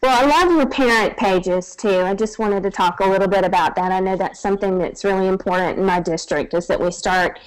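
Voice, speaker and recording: A woman's voice: mid-range voice, fairly even intonation, brisk, hardly any pauses, rough recording. A woman from a school district, chatting on a panel in an encouraging, affirming way. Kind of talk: casual panel chat.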